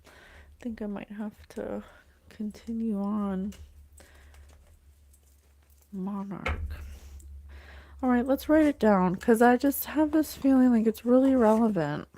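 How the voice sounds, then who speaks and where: A woman hosting a psychic reading thinks aloud slowly and haltingly, repeating phrases as she passes along messages from spirits. Her voice is on the high side and warm.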